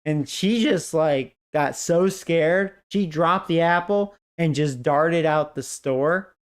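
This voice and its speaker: A man's voice: a little high, takes it slowly, clear, resonant tone. A man streaming a game who chats casually, rambling and profane, with lots of "like" fillers and bursts of laughter. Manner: breaks into laughter. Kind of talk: casual storytelling chat.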